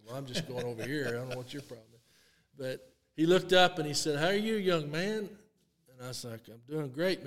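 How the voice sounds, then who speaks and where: In a relaxed interview, a guest who is a long drive champion, a man in his 60s, recounts a story with his mid-range voice, voicing what others said and laughing frequently. His speech rings out with long room reverb.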